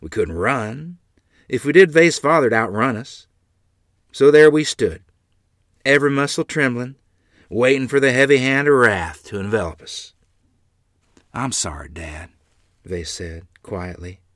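A man narrating a read-aloud story in an expressive, good-humored manner. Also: medium pitch, normal speed, no room sound, clean studio sound.

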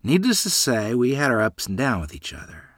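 A man's voice: mid-range voice, wildly swooping pitch, a little fast, fairly bright tone, dry recording, studio quality. A man reading a rural family memoir aloud as storyteller, voicing the people in it.

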